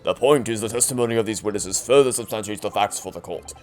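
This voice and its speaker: A man's voice: on the low side, fast, darkish tone, pitched below the performer's own voice, natural voice. A cold, haughty aristocratic prosecutor, put on by a man in a game playthrough. He speaks in clipped, formal, disdainful phrases in a dropped voice. Faint music sits in the background. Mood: coldly formal.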